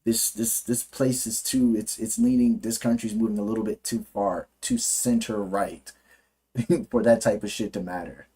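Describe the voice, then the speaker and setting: A man's voice: fairly low pitch, steady tone, moderate pace, dark tone, breathy edge. A man ranting through political commentary on a livestream, profane and heated, often restarting his sentences.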